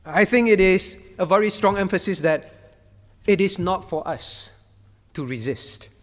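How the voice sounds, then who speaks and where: A male pastor delivers a sermon in a noticeably high voice. He is emphatic, repeating single words for stress and switching to a firm, commanding tone when he voices divine speech. Long reverb from the church hall trails each phrase. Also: expressive, measured pace. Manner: acts out God's words in a firm voice.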